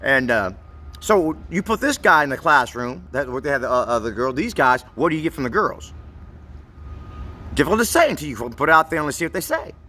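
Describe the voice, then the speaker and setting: A man's voice: medium pitch, very animated, fairly quick, bright, forceful tone, a little hiss or hum. A man telling a long, meandering story to the camera in a profane, rambling way, often stumbling and repeating words as he searches for what to say. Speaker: vlogger.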